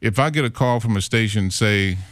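A man's voice: fairly low pitch, moderate pace, no echo, studio quality. A middle-aged man who works as a radio imaging voice artist, telling stories in a casual interview and acting out the voices he quotes. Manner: animated storyteller who acts out quoted voices.

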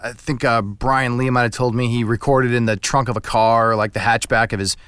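A man's voice: medium pitch, steady tone, moderate pace, a bit bright, smooth, no echo. A man hosting a conversational interview, easygoing and prompting his guest. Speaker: podcast host.

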